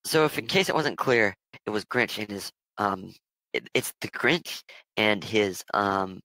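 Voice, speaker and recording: A man from Germany runs a tabletop game with relaxed narration. His voice is gravelly and bright and sits on the low side. The sound is dry and close. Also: a little slow, no echo, rough recording. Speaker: game master.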